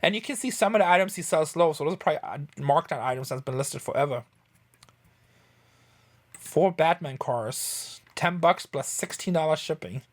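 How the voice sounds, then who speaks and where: A man's voice: fairly high pitch, expressive, normal speed. Chatty rambling man hosting a reselling vlog. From Southern California. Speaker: reseller and channel host. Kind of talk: casual vlog chat.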